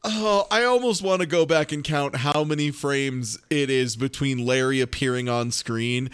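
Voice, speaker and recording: A man's voice: medium pitch, normal speed, clear, resonant tone. A man from Chicago co-hosting a podcast, chatting casually and animatedly as he recaps a show, swearing and acting out scenes. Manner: animated, swearing, acts out lines in jokey voices. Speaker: podcast co-host.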